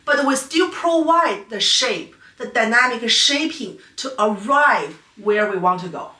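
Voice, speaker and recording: In an online lecture on piano technique, a female teacher whose first language is Chinese explains patiently, her phrasing non-native. Her voice is on the high side, expressive, bright and forceful, at a measured pace. She is on a distant mic in an echoey room, a bit off-mic, with slight background noise.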